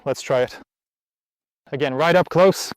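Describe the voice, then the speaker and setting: A man's voice: a little high, a little slow, no room sound. Breathless man teaching outdoors, dry sound. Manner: tired, chatty, encouraging. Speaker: riding instructor and host. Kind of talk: casual outdoor lesson vlog. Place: outdoors at a riding spot in the heat.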